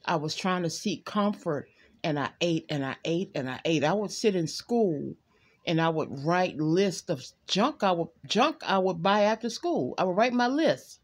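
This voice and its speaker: A woman doing a relaxed tarot reading from her home. She talks candidly and chattily to her viewers, with frank asides. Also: lowish voice, moderate pace. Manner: candid, chatty, breaks off to scold her pet and laughs. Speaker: tarot card reader. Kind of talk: casual tarot reading livestream.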